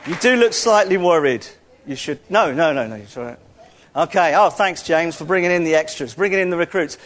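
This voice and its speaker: A man leading a playful, interactive sermon, joking with the congregation and calling out to them loudly. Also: a little high, expressive, brisk, some chatter behind. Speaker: church speaker.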